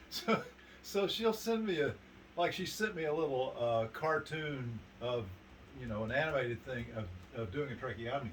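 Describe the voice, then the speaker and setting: A man's voice: mid-range voice, moderate pace. A middle-aged man telling a self-deprecating family joke to a group and chuckling. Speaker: meeting attendee. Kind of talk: casual anecdote to a group. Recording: distant mic, faint noise.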